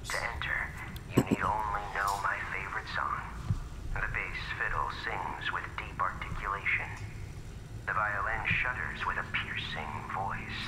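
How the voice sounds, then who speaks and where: An actor playing a calm, obsessive music director speaking slowly and softly on an audio log. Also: male voice, low voice. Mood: reverent. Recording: echoey old audio log with hiss.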